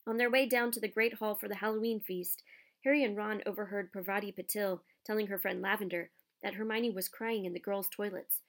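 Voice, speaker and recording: A woman reading a children's novel aloud with expressive storytelling. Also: medium pitch. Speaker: narrator. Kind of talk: audiobook narration.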